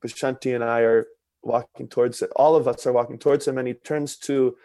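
Man, earnest personal storytelling, expressive, middle pitch, dry close sound. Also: brisk, no echo. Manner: earnest, expressive, many fillers.

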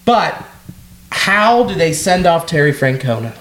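A man's voice: a little high, very animated, unhurried, fairly bright tone. A man co-hosting a podcast in casual sports chat, joking and riffing on absurd bits. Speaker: podcast co-host. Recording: roomy echo.

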